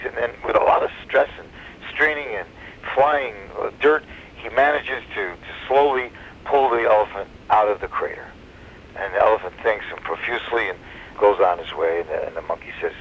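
Man, rambling joke telling, lively pitch, gravelly, dull radio sound, faint hiss. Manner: rambling with restarts and fillers. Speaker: joke teller on community radio.

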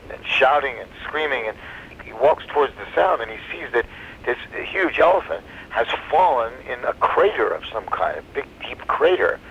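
Brief: a gravelly-voiced man telling a rambling joke on a community radio show, slightly muffled. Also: mid-range voice, a little hiss or hum. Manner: rambling with restarts and fillers.

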